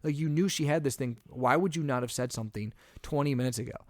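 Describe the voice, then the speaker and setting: A young man co-hosting a podcast in casual chat, recounting a story with rising, exasperated energy. His mid-pitched voice sits close and dry on the mic, with no room sound around it. He talks in loose, rambling runs, full of restarts. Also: quick pace, no echo. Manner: animated storytelling, gets louder and higher when exasperated. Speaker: podcast co-host.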